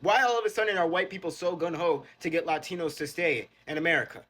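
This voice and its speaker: A man's voice: on the high side, fast talker, a bit bright. Confrontational man preaching a fiery rant. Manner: confrontational, repetitive and profane. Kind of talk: impassioned religious rant.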